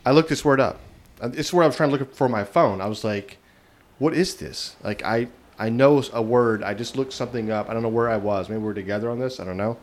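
A man's voice: medium pitch, brisk. Rambling joking male podcast co-host. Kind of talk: casual banter.

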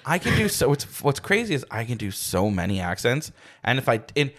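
A man's voice: medium pitch, big pitch swings, a little fast, a bit bright. A man co-hosting a podcast in casual chat. He works as a narrator and voice actor, and he talks in an emphatic, self-deprecating way. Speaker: podcast co-host.

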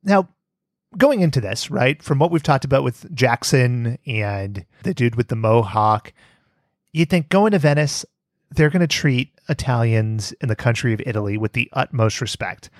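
Male podcast host, sarcastic mock-earnest riffs, animated, dry close sound. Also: mid-range voice, normal speed, dry recording. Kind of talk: casual comedic chat.

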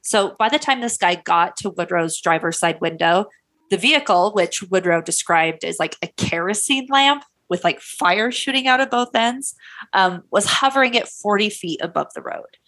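A woman's voice: mid-range voice, lively intonation, moderate pace, a bit bright. A woman with an English accent, co-hosting and telling a story in a casual, chatty way, with plenty of fillers. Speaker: podcast co-host.

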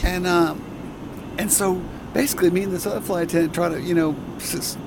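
A man's voice: sits high, steady tone, a little fast, background noise. A man flight attendant recalling an in-flight incident in a hesitant, rambling way. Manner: hesitant, many fillers and restarts. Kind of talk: casual storytelling.

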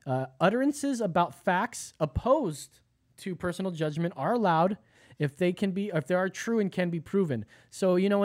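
An American man hosting a casual podcast, reading out laws and rambling about them with plenty of swearing and self-mocking laughs. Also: high voice. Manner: profane, rambling, laughs at himself. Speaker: podcast host.

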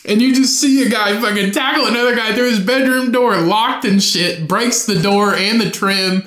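A young man hosts a podcast alone, telling a profane story and laughing as he goes. His voice sits high and bright, and the room around him is echoey. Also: normal speed. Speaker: podcast host. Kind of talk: casual solo podcast storytelling.

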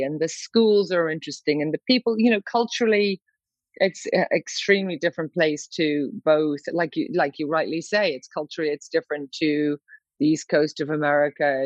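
A woman actress, a guest on an interview, chats in a lively, jokey way from home. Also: deep voice, no room sound. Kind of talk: casual interview chat. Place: home in London. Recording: dry, dull lo-fi call audio.

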